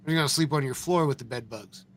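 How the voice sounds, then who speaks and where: A man with a mid-range voice races through casual commentary as co-host of a live stream. He rambles and mocks while reacting to a video.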